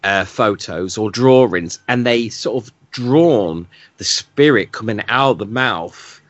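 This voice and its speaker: A man from England co-hosting a podcast in casual chat, blunt and animated, often laughing. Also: fairly low pitch, takes it slowly, no echo, highs cut off. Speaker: podcast co-host.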